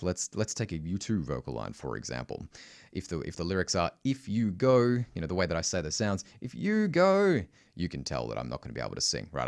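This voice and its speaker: A man with an Australian accent, teaching singing in a loose, casual way, full of restarts and filler words. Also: deep voice. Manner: explains in loose spoken asides, with many restarts and filler words. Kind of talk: casual vocal lesson.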